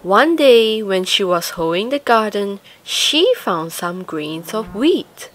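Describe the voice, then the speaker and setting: A woman reading a children's picture book aloud, slow, sing-song and expressive. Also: mid-range voice. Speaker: storyteller.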